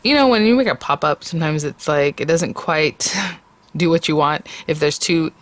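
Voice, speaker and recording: A woman's voice: sits low, expressive, moderate pace, dry recording. A woman hosting a casual papercraft tutorial, chatty and rambling, often laughing between thoughts. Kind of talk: casual craft tutorial chat.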